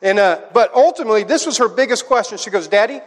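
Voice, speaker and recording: Middle-aged male pastor, high voice, animated storyteller, big reverberant church sound. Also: fast, slight background noise. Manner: animated storytelling, acts out a child's voice in quotes. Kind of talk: sermon with personal stories. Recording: long hall reverb.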